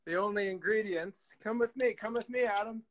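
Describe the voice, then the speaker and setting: Man, high voice, self-mocking, casual cooking chat, video call. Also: a little fast, rough recording. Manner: joking, self-mocking, loud when leaning in. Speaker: guest cook.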